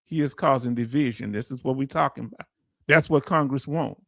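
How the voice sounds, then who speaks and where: A man's voice: mid-range voice, a little fast, vocal fry, no echo, studio quality. A middle-aged man, hosting a casual livestream and ranting bluntly while answering chat. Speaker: veteran livestream host.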